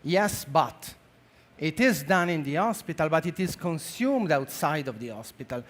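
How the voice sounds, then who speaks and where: A man with an Italian accent giving a conference talk on a stage, halting and full of fillers. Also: a little high, lively intonation. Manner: halting, many fillers and restarts. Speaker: conference speaker, marketing director. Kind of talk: conference presentation.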